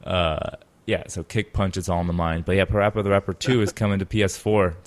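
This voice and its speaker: A man with a very low voice hosts a casual gaming podcast chat. He rambles along, piling up fillers and restarting his sentences. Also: fairly even intonation, brisk. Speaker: podcast host.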